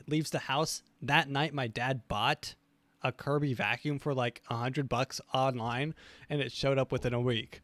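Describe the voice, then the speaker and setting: A young man co-hosting a podcast, telling stories in a casual, animated way and laughing often. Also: mid-range voice, unhurried, dry recording. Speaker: podcast co-host. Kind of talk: casual storytelling chat.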